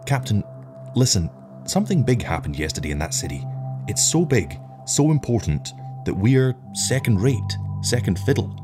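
A man voicing a patient, soft-spoken lieutenant who answers his captain deferentially. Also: on the low side, sing-song, moderate pace, over music, pitched above the performer's own voice. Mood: quiet, awed. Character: patient, dazed young male lieutenant.

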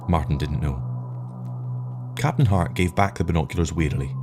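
A man narrating a science-fiction short story in a measured, even reading. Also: very deep voice. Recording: narration over background music. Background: clear background music.

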